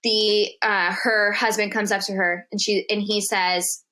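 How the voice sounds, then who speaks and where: Brief: woman guest, bright voice, storytelling in casual chat, animated, swears a lot, voices the people she quotes. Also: mid-range voice, unhurried. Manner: animated, profane, acts out quotes in dialogue. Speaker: podcast guest.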